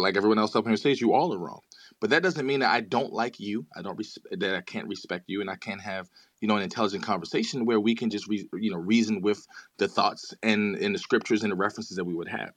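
A man's voice: lowish voice, fairly bright tone, dry recording. A man making an earnest case in an online audio chat room, often repeating words as he starts a thought. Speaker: debate participant. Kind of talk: earnest theological debate.

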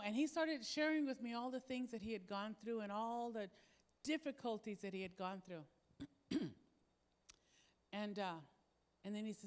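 Woman pastor preaching, chatty storytelling, kinda high voice, echoey church. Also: unhurried, pauses often. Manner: conversational storytelling, acting out quoted dialogue. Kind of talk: sermon with personal story. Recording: long hall reverb.

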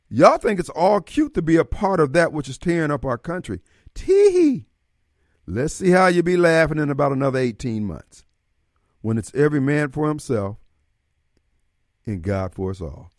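A man's voice: a little high, dry recording, studio quality. A man hosting a radio talk show, folksy and fiery, taking callers and giving warnings. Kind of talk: talk radio monologue and call-in.

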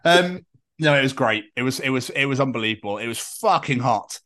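A man's voice: mid-range voice, expressive, brisk, a bit bright. A man with a British accent hosting a podcast, telling a rambling, jokey story and swearing freely. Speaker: podcast host. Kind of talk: casual podcast chat.

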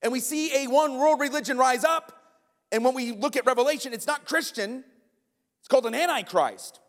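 A male pastor preaching a sermon, animated, with frequent rhetorical questions to the congregation. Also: very high-pitched, normal speed, long reverb tail.

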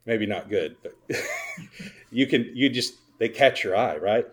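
Man preaching, loud then hushed. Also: on the low side, animated, a little slow. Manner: sarcastic, rhetorical questions to the congregation; wide swings between loud emphasis and quiet asides. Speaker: pastor. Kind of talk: sermon.

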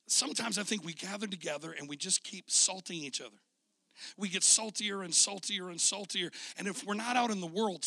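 A middle-aged male pastor with a scratchy, gravelly voice, preaching a sermon in a folksy storytelling way and often repeating his words. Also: sits high, sharp tone, no room sound.

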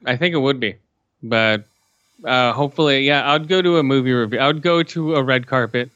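A man's voice: mid-range voice, a little fast, a bit bright, dry recording, highs cut off. A young man hosting a podcast, speaking in a laid-back, hesitant way with many fillers. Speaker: podcast host. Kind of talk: casual chat.

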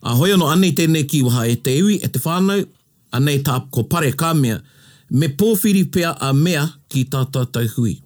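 A man from New Zealand with a New Zealand accent, co-hosting a casual bilingual chat in a playful, animated way. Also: a little high, brisk. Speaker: co-host.

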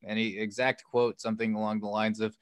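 A man's voice: fairly low pitch, level tone, a little fast, clear, resonant tone, no echo. A man co-hosting a podcast, casually recounting a story in a loose, rambling way full of "like" and "um". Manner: loose and rambling, heavy use of "like" and "um"; acts out quoted lines with a lifted voice. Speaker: podcast co-host. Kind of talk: casual chat recounting a film plot.

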